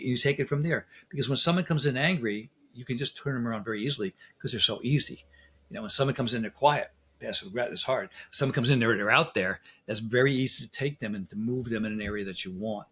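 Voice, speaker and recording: A husky man speaking as a dentist guest in a relaxed interview. He tells lively stories and acts out both sides of conversations, at an ordinary middle pitch. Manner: lively anecdotes, acts out dialogue. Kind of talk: casual interview storytelling.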